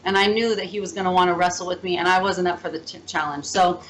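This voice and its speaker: A woman guest on a radio interview, telling stories in a lively, playful, chatty way. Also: on the low side, quick pace, a little hiss or hum, low-quality recording. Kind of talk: casual interview storytelling.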